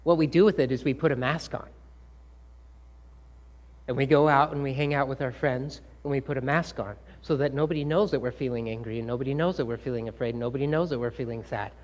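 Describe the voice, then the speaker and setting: Speaking briskly at medium pitch, a man addresses a live audience in an engaging way. He poses questions to the crowd and performs quoted scolding remarks people make.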